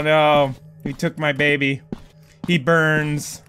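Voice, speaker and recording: High, bright-voiced man swearing through a horror game. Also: lively intonation, takes it slowly, soft background music. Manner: panicky, swears a lot, yells at the game. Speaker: gamer playing a horror game. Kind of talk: let's play commentary.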